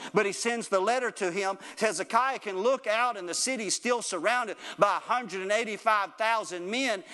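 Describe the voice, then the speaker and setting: A preacher with a high-pitched voice delivers a sermon in rolling, repeated phrases. He calls out to his congregation and pushes up into a fervent, raised delivery. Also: a bit bright. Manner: rhythmic repetition, calls out to the congregation.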